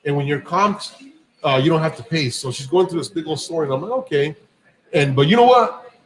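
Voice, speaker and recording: Profane man telling a story, slightly high voice. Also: quick pace, rough recording. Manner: profane, animated anecdote-telling with quoted dialogue. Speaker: podcast host. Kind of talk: casual storytelling.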